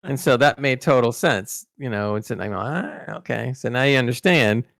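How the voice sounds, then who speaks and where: A man's voice: medium pitch, fairly quick, dry recording, studio quality. Man telling rambling showbiz anecdotes. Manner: rambling, many restarts and fillers, animated in anecdotes. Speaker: podcast host recalling interviews. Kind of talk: casual storytelling chat.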